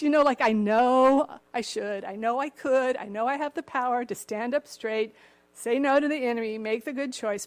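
A woman's voice: fairly high pitch, moderate pace. An older woman preaching a sermon, with a slightly cracked voice and chuckling asides. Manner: warm chuckling asides, acts out the story voices.

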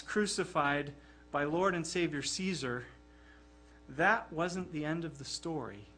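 A man's voice: a little high, fairly bright tone, slight background noise. A man preaching a sermon in an earnest, emphatic way, often repeating words as he presses a point.

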